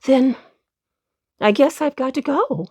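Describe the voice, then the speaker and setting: A woman playing a fretful old gentleman rabbit. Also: sits high, slow pace, husky, no echo, clean studio sound, full character voice.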